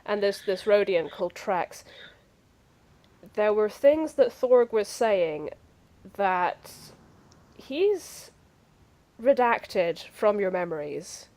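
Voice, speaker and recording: A woman with a mid-range voice speaks briskly and insistently, pressing her case. She is a player in a casual tabletop game. She is heard through a voice-call mic. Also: medium pitch, lively intonation, a little mellow.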